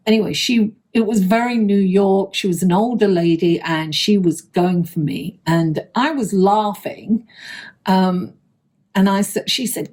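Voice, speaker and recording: A woman with a mellow, warm tone talks through a weekly horoscope and tarot reading. She rambles freely into chatty stories, laughs often and slips into soft reassurance. Her pitch sits in an ordinary middle range. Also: husky. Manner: gentle, encouraging advice to viewers. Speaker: astrology and tarot channel host. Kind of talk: casual horoscope reading to camera.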